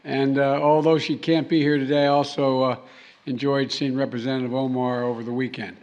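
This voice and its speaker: A man speaking at a formal reception, halting and restarting, with joking asides to the audience. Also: mid-range voice, flat delivery, a little mellow, lo-fi sound. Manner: halting, with repeated words and trailing restarts; jokey asides to the crowd. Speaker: president giving a speech. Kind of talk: formal speech with off-the-cuff asides. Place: formal reception hall, indoors.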